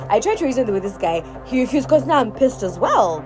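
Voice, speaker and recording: Lively young woman vlogging. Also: a little high, brisk, music in the background, rough recording. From Uganda. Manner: animated, chatty storytelling to viewers. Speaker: travel vlogger. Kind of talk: casual travel vlog narration.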